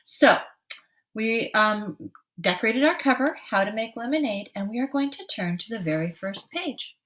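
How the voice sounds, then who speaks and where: A woman teacher giving a slow, patient early-literacy lesson, stretching out word sounds clearly for young children. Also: on the high side, lively intonation, fairly bright tone, slight background noise.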